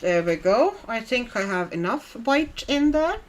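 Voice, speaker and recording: A woman's voice: fairly high pitch, big pitch swings, unhurried. A woman, not a native English speaker, hosting a casual coloring livestream, chatting and laughing as she reads viewer comments aloud.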